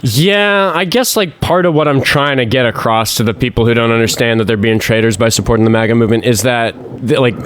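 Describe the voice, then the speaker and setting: A man's voice: mid-range voice, a little fast, hardly any pauses, clean tone. Sarcastic man hosting a call-in stream. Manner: animated, sarcastic, many fillers and restarts. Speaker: host of a live call-in debate stream. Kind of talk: casual political call-in chat.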